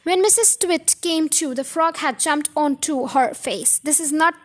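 A woman's voice: sits high, unhurried. A woman reading a children's book aloud on a podcast, chatty, with asides and self-corrections. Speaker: podcast story reader.

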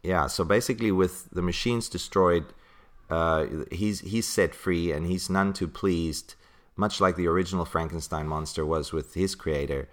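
Man, podcast host, very deep voice, casual chat, laughs a lot. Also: normal speed, fairly bright tone. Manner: chatty, laughs often, many fillers. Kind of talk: casual chat about comics.

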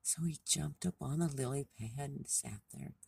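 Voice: medium pitch, normal speed, gravelly, a little mellow, slightly rough, far from the mic. A storyteller telling a children's animal tale in a homespun, casual way, with many dialogue tags.

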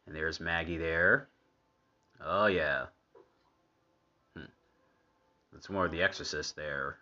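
Slow, low-voiced man chatting through an episode. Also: bright, forceful tone, muffled recording. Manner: laughs often, unhurried and chatty. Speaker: watchalong commentator. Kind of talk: casual commentary over a cartoon episode.

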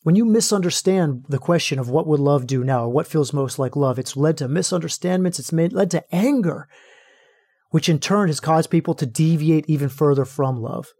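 Guy doing a spiritual talk on his podcast, slightly high voice, dead dry close mic, slow and emphatic. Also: a little mellow, no room sound. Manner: slow, emphatic, repetitive phrasing. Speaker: podcast host. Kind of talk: spiritual teaching monologue.

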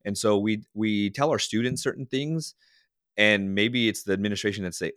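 A man with a low voice talks with energy in a casual interview. The sound is dry and close, and he often slips into quoted dialogue as he tells stories. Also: normal speed, dry recording. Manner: animated storyteller acting out quoted dialogue. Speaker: podcast guest, leadership consultant.

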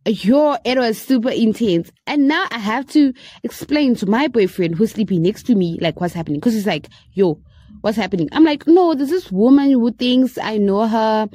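A young woman from Zimbabwe tells a story in a relaxed, chatty way. Her voice sounds mellow and warm, and it jumps high whenever she acts out someone she quotes. The recording is dry and close to the mic. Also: moderate pace, no echo. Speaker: podcast host. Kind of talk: casual storytelling.

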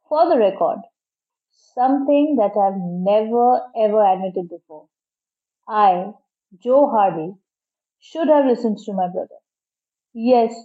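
A woman narrating a storybook in a lively, expressive first-person reading. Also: on the high side. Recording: tinny phone-like sound.

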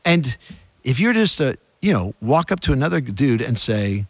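Animated man in casual faith chat. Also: mid-range voice, normal speed, breathy edge, dry recording. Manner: animated, acts out quoted lines, many restarts. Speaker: podcast co-host.

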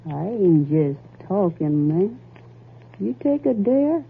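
A coarse, greedy young wife in an old radio play, drawling and goading in a husky voice. The broadcast sound is thin and tinny, like an old phone line. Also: female voice, medium pitch, big pitch swings, takes it slowly, heavily acted. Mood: scheming. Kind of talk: 1940s radio acting.

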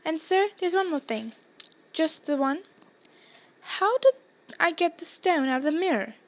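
A woman's voice: very high-pitched, lively intonation, a little slow, pitched above the performer's own voice, heavily acted. A woman reading aloud, voicing an earnest, curious boy wizard in a storybook chapter.

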